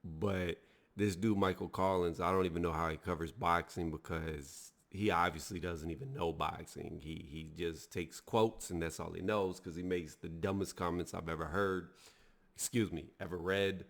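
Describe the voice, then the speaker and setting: A man's voice: deep voice, steady tone, moderate pace. A man giving blunt, heated opinion commentary on a sports news story, talking casually to his viewers. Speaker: boxing video reviewer.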